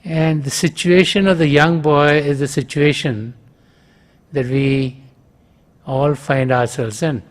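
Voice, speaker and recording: A male spiritual teacher speaking to a wide audience in a calm, measured way. His voice sits a little high for a man. He talks very slowly, with frequent pauses and soft fillers between phrases. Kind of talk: spiritual talk.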